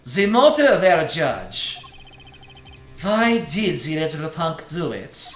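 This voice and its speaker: A man voicing a suave male German rock-star prosecutor in a deep, drawling put-on German accent. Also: big pitch swings, slow, roomy sound, soft background music. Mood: smug.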